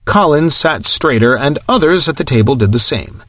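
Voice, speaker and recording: A man narrating an audiobook in a steady, even storytelling manner. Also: a little high, moderate pace, hardly any pauses, dry recording. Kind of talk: scripted narration.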